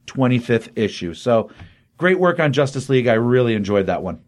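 Man, podcast co-host, casual comic recap, enthusiastic, rambling, mid-pitched voice. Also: big pitch swings, fairly quick. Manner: enthusiastic, rambling retelling with fillers and paraphrased quotes.

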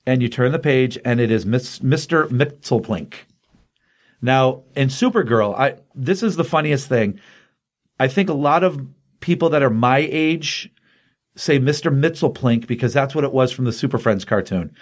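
A middle-aged man hosts a casual chat, eagerly retelling a comic book plot in a meandering way packed with fillers. His voice sits at a medium pitch and moves at a moderate pace.

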